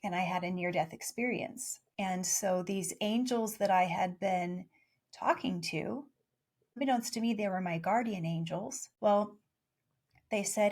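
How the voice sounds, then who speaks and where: A woman in her forties telling her story in a casual interview, playful and animated, laughing often. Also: medium pitch, a little slow. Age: 40s. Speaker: guest, spiritual channel.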